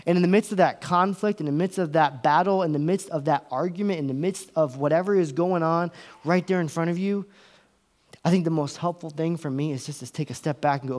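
A man preaching as a pastor, slowing down on key words, pausing for effect and acting out inner voices that range from whispers to raised exclamations. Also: on the high side, a little mellow. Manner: dramatic pauses, slows down for emphasis. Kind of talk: sermon.

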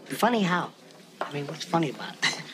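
An actor playing a volatile, short-tempered mobster who talks in a brash, profane way. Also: male voice, on the high side, very animated, fairly quick. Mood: menacing. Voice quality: brash, profane, menacing mock-offense. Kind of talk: film dialogue. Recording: noisy film audio.

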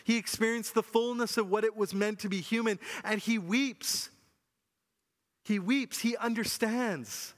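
Earnest man preaching in a hall. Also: unhurried. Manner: earnest, often drops to a soft low voice. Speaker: pastor. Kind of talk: sermon. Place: church hall. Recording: long hall reverb.

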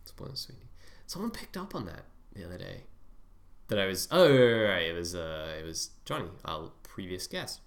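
Low-voiced English man, part American accent. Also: very animated, normal speed. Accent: Southern English mixed with American. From England. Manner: playful, teasing banter. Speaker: podcast co-host. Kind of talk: casual chat.

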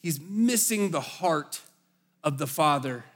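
A male pastor preaching a sermon, talking in a chatty, storytelling way and often restarting his words. His voice sits a little high. It rings out with a long reverb, as in a big hall. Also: slow pace. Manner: conversational, animated storytelling with slips and restarts.

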